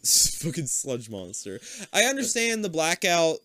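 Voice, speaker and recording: A man's voice: on the high side, very animated, moderate pace, bright, forceful tone, dry recording. A young man co-hosting a podcast, chatting casually about a show in a rambling way with frequent swearing, close on a mic. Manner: rambling, swearing, laughs easily. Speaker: podcast co-host. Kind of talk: casual chat reviewing a show.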